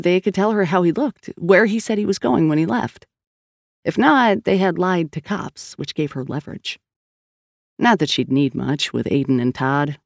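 A woman's voice: low voice, vocal fry, a little mellow, no echo, studio quality. A woman narrating a novel in clipped, terse scripted storytelling. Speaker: audiobook narrator.

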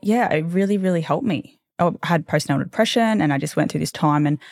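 In studio-quality audio free of room sound, a woman in her thirties hosts a podcast at a fairly quick pace. Her voice is low, slightly mellow, and not girly, and she keeps things candid and chatty, swearing casually and wandering off on tangents.

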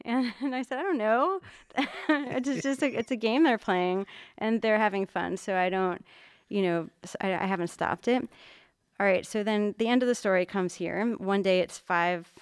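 A woman's voice: mid-range voice, moderate pace, smooth, no echo. A middle-aged woman, a mother and art teacher, telling a long story in casual chat and acting out the voices she quotes. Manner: animated storyteller, acts out quotes.

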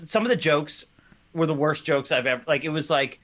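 Man, podcast chat, rambling and animated, higher pitch, bright tone. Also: a little fast. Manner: rambling, animated, laughs often. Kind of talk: casual chat.

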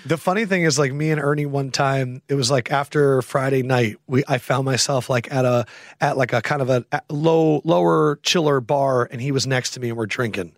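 A man in his thirties hosting a podcast, telling stories in a casual, animated way, acting out quoted voices and swearing freely. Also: mid-range voice, normal speed, no echo, clean studio sound. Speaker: podcast host. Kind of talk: casual storytelling chat.

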